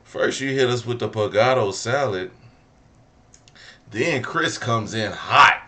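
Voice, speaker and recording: A man's voice: medium pitch, slow, long pauses, bright, forceful tone. A man hosting a reaction video, teasing his viewers in playful joking commentary. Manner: playful, teasing, chuckling at the chat. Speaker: host reacting to a clip.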